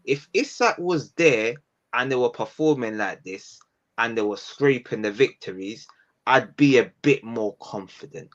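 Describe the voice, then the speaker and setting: A man's voice: medium pitch, expressive, a little slow. Reflective man, slightly dull sound. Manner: reflective, repeats phrases for emphasis. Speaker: podcast panelist. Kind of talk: casual football chat.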